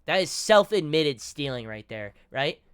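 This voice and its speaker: A man streaming his profane reaction commentary, mocking and scornful, quick to laugh. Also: on the high side, big pitch swings, clear, resonant tone.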